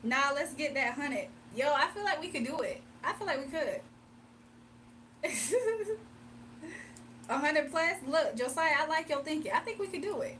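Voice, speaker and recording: Woman w/ aave doing a chill livestream, high voice, laughs a lot, kinda far from mic w/ faint hum. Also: lively intonation, measured pace, a bit bright. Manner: chatty, laughs often, talks straight to chat. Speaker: livestream host. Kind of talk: casual livestream chat with viewers.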